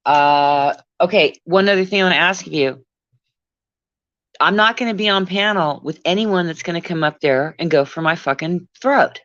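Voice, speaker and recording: A woman's voice: fairly low pitch, fairly bright tone, no echo. A woman on a casual livestream, profane and exasperated, muttering to herself as she goes. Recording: dull lo-fi sound.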